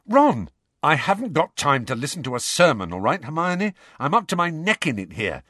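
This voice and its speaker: Brief: man playing a sulky schoolboy wizard, snappish, animated delivery. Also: on the high side, moderate pace, breathy edge, no room sound, studio quality, voice pushed up, full character voice. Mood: grumbling. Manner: sulky and short-tempered. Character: grumpy teenage boy wizard.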